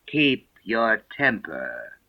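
A man's voice: on the low side, wildly swooping pitch, gravelly, heavily acted. A man doing a sleepy, stern caterpillar. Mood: languid stern. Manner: drawn-out, curt, sleepy. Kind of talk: audiobook character voice. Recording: dull lo-fi recording.

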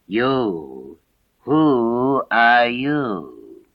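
Languid, stern storybook caterpillar, voiced by a man, very slow and curt, lowish voice, dull lo-fi sound. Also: very animated, heavily acted. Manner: drawn-out, curt, sleepy. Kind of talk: audiobook character voice. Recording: dull lo-fi recording.

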